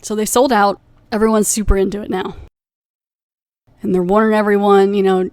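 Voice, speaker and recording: A young woman hosts a podcast and talks through an episode recap in a loose, rambling way, full of fillers and asides. Her pitch sits in a middling range, and the recording is dry and close to the mic. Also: fairly even intonation, no room sound. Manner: rambling, with many fillers and quick acted quotes. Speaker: podcast host reviewing a TV episode.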